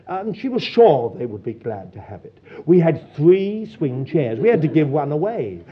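Older man, husky and animated. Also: a little high, normal speed, few pauses. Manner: animated storytelling, acts out quoted voices. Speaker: Christian fellowship leader. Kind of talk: anecdotal testimony talk. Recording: dull lo-fi recording.

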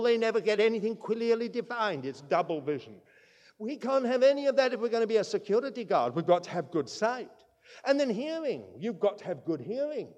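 A high-voiced man preaching a sermon in a large hall, his words trailing off into a long reverb. He tells stories with emphasis and slows right down to stress key points. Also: a little mellow.

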